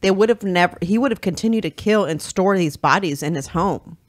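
A woman co-hosting a podcast, lively and chatty as she recounts stories. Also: on the low side, a little fast. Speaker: podcast co-host. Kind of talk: casual chat.

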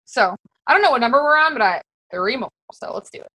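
A woman's voice: fairly high pitch, animated, quick pace, pushed and bright, no echo, rough recording. A woman coaching fellow fitness coaches in a casual, very conversational way, full of fillers. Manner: very conversational, chatty with many fillers.

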